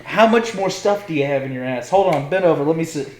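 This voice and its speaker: Young man, teasing, laughing, casual podcast chat, high voice, roomy echo. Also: lively intonation, quick pace, a little mellow. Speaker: podcast co-host. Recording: echoey room.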